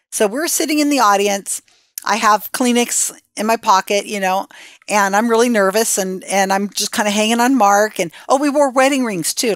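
A woman recounts an event in a relaxed interview, slipping into the voices of the people she quotes. Her voice sits at an ordinary middle pitch. The sound is close and dry, with no room echo. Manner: animated retelling with acted quotes. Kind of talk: casual storytelling interview.

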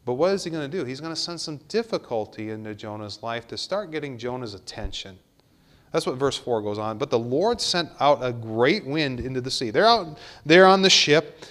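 Man, pastor, sermon, church, slightly high voice, reads scripture, repeats for emphasis. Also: expressive, moderate pace, fairly bright tone. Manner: expository preaching, reads scripture aloud, repeats words for emphasis. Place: church sanctuary.

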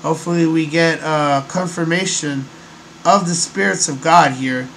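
Male host, slightly high voice, rambly and halting, faint hum behind. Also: fairly even intonation, creaky, a bit bright, low-quality recording. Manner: rambling, hesitant, many fillers. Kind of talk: casual monologue.

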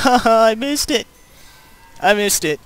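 A young man giving live commentary over an online shooter game, excitable, swearing often and yelping in panic. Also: sits high, a little hiss or hum. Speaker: gamer.

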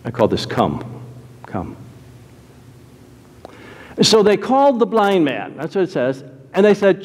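Man preaching in a church, lively voice, bit high for a guy, long hall echo. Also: a little slow, long pauses. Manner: animated, shifts between loud exclamations and low asides. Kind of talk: sermon.

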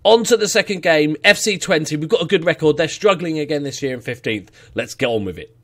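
A man casually commentating his football management game, getting excited, cheering goals and swearing now and then. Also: a little high, a little fast. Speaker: let's play gamer.

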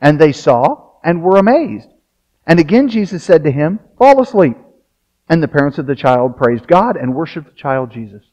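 A male pastor reads a long passage aloud during his sermon, tossing in casual asides. His voice runs high with lively intonation, a darkish tone and a normal pace, captured in dull lo-fi sound.

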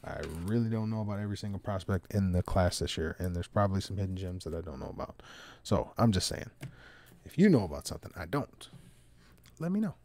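A man hosting a live trading card box break, bantering loudly with viewers and teasing them in coarse language. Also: deep voice, big pitch swings, fast.

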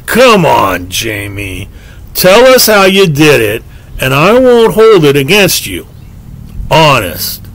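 A man's voice: fairly high pitch, very animated, measured pace, fairly bright tone, full character voice. A man reading the part of a stubborn, skeptical boy who squawks blunt complaints. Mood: wheedling.

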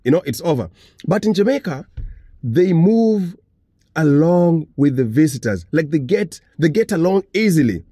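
Casting: man from Africa, husky and dark-toned, fairly high pitch, earnest casual commentator. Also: sing-song, moderate pace, no room sound, studio quality. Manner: earnest, repeats his points.

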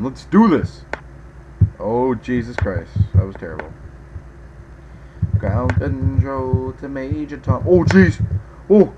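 A man giving let's play commentary as a gaming video host, excitable, yelping and groaning at every mishap. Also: mid-range voice, dull audio, background noise.

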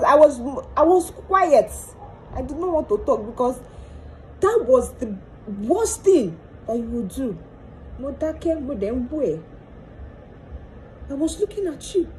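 A young adult woman vlogger with a Nigerian accent pours out her hurt to the camera in a tearful monologue, blending Pidgin and Yoruba and repeating pleading questions. Her voice sits high and mellow, and the rough recording carries a little hiss or hum.

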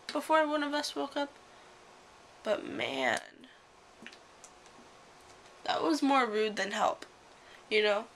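Young woman vlogging at home, bright voice with lots of vocal fry, chatty and rambly. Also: medium pitch, slight background noise. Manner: chatty storytelling with many fillers. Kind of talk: casual vlog chat. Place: at home indoors.

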